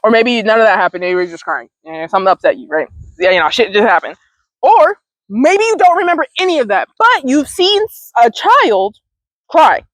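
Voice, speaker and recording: A woman's voice: high-pitched, dry recording, rough recording. A woman hosting a wellness show, talking casually and rambling, repeating words, laughing often and swearing now and then. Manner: informal, slangy, occasional swearing. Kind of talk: casual talking-to-camera monologue.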